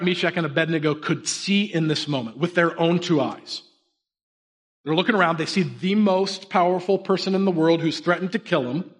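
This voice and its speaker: A man in his thirties preaching a sermon, an energetic storyteller who shifts between hushed, earnest moments and sudden emphatic bursts. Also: high voice. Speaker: pastor.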